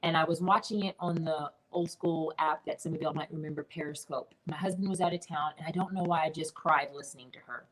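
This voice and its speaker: A middle-aged woman, a business mentor, telling her personal story in an interview in an earnest, animated way. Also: low-pitched, a little fast, few pauses, low-quality recording.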